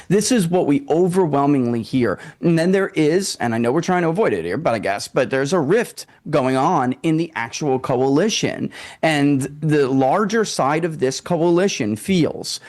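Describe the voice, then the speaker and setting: A man's voice: a little high, lively intonation, moderate pace, a little mellow. A man giving political commentary in conversation, pressing his points with earnest emphasis.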